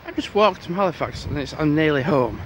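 A man's voice: on the high side, expressive, a little fast, poor audio. A man, chatting and rambling as he vlogs on a phone while walking through snowy town streets. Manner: chatty, rambling, swears when annoyed. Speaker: vlogger. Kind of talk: casual walking vlog. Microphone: phone held while walking. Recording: loud outdoor street noise on a phone. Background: traffic and street noise.

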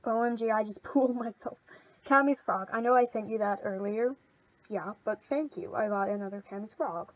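A woman hosting a casual gameplay video. She rambles, gushes and gets excitable while thanking friends for gifts. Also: medium pitch, normal speed, no echo, lo-fi sound. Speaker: channel host.

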